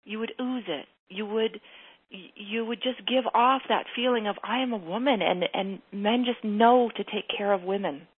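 A woman's voice: mid-range voice, normal speed, husky. A woman coaching a caller on a radio advice show, with an emphatic, repetitive manner. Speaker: relationship coach. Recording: tinny phone-like broadcast.

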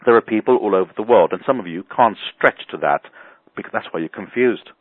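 A man's voice: on the low side, fairly quick, breathy edge, no room sound. A man giving a colorful, blunt motivational business talk over a phone call. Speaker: business coach. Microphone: telephone. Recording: tinny phone line.

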